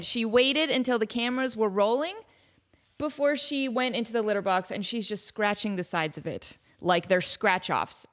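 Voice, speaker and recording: A woman's voice: mid-range voice, fairly bright tone. A woman hosting her own podcast, chatting casually in a playful, self-mocking way with rambling asides. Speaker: podcast host. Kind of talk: casual solo chat.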